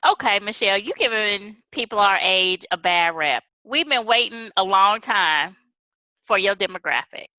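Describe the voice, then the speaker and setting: Blunt slangy woman, bright dry voice. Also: mid-range voice, lively intonation, moderate pace, no echo, rough recording. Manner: blunt, emphatic, slangy commentary. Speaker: podcast co-host. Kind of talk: casual reality-TV recap chat.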